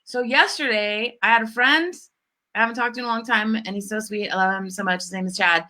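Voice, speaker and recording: A woman co-hosts a spiritual business talk show, chatting casually and gushing with plenty of "like" fillers. Her voice is fairly high-pitched, brisk, and sharp in tone.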